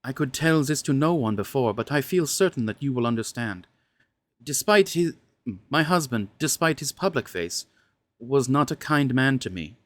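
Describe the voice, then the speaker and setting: A man voicing a frank, seductive aristocratic woman, speaking in a husky, formal and measured way in a storybook reading. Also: mid-range voice, lively intonation, fairly bright tone, dry recording, pitched above the performer's own voice, natural voice. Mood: intimate, pleading.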